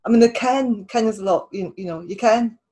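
A woman in a relaxed conversation, leading the talk as host. Her sentences start, stall and restart, with stammered repeats as she chases a thought. Her pitch sits in an ordinary middle range. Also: brisk, rough recording. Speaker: podcast host and writer. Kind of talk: casual conversational interview.

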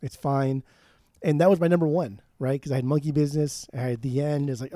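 A man's voice: a little high, animated, brisk, dark tone, no room sound, studio quality. A man co-hosting a casual podcast, talking enthusiastically, swearing often and breaking into sung snippets. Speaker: podcast co-host. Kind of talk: casual chat.

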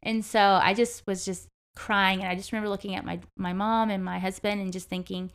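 Young woman guest just chatting, says like a lot, smooth clear voice. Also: mid-range voice, little pitch movement, brisk. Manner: chatty, heavy use of "like". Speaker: interview guest. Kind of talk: personal story in casual conversation. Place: in person with the host.

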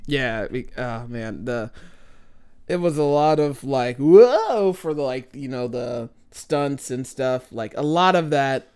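A man co-hosting a casual movie review chat, rambling and animated, slipping into voices when he quotes characters. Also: mid-range voice, slow pace, clean tone. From American Midwest. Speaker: podcast co-host.

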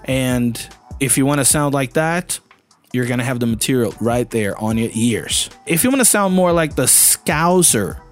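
A man's voice: medium pitch, animated, moderate pace, soft background music. A man hosting an English lesson podcast, talking in a chatty, enthusiastic way with many fillers. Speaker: English teacher and podcast host. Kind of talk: casual teaching monologue.

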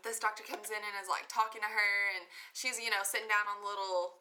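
A young woman, telling a story in casual chat, full of fillers and animated retellings. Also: medium pitch, fast talker.

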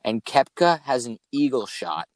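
A young man in casual chat, swearing often and telling stories with animated energy. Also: mid-range voice, measured pace, no echo. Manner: swears a lot, animated storytelling.

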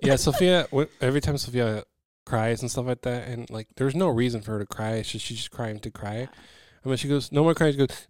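A man's voice: medium pitch, a little fast, a little mellow, no room sound. A man co-hosting a podcast, joking and laughing through a casual chat. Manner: jokey, laughs between remarks.

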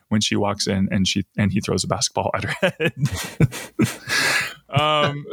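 A man's voice: mid-range voice, fairly bright tone, dry recording, studio quality. A man hosting a podcast, casually recapping a TV episode and laughing often as he retells scenes. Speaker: podcast host.

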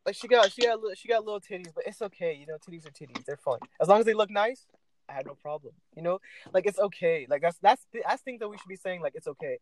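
Young man, slightly high voice, casual podcast co-host, animated rant, swings loud and soft. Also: fast, a little hiss or hum, rough recording.

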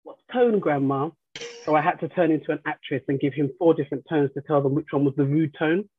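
Husky-voiced grandmother on a tinny line. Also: low voice, little pitch movement, fast talker, no room sound. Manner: storytelling, laughs easily, mimics family voices. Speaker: guest, life coach. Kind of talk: casual podcast chat.

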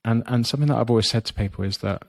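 A fitness business coach appears as a podcast guest, giving a motivational talk in an interview. He's blunt and profane, saying "you know" often, with a medium-pitched, gravelly voice delivered rapid-fire.

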